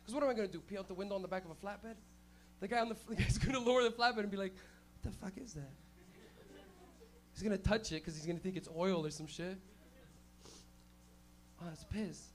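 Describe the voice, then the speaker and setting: A male comedian from Canada hosting a club show, telling crude, animated stories with loud shouted bits. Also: sits high, racing, slight background noise. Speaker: stand-up comedian and host. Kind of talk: stand-up comedy set.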